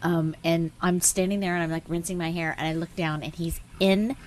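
A woman co-hosting a casual radio talk show, an animated storyteller who laughs easily. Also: on the low side, brisk, slight background noise. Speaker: radio co-host. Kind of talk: casual on-air radio chat.

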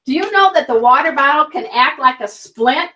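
High-voiced, lively pet first aid teacher woman. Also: moderate pace, far from the mic. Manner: energetic, vivid, instructive, folksy. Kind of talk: guest expert in an online interview. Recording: roomy, a bit off-mic.

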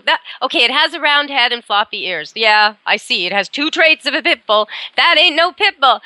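A woman hosting a radio show with a bright, crisp voice set a little high. She talks in a chatty, joking way, and the studio sound is close and dry. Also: no echo. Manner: chatty, jokey, animated. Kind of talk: casual radio chat.

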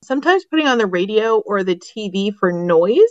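A woman's voice: medium pitch, expressive, moderate pace, dry recording, dull audio. A woman veterinarian guest on a podcast, explaining and giving advice informally. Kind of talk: casual interview chat.

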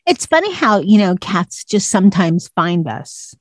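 A woman's voice: mid-range voice, big pitch swings, a little slow, no echo, clean studio sound. A woman interviewing a guest, rambling through loose sentences full of "you know" and restarts. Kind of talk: casual interview chat.

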